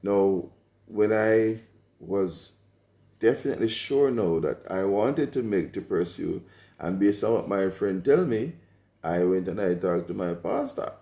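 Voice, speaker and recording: A Jamaican man in his forties, co-hosting a vlog and recalling the past in a measured, reflective way. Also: low-pitched, animated, mellow. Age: 40s. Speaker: vlog co-host. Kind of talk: casual conversation. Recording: echoey room.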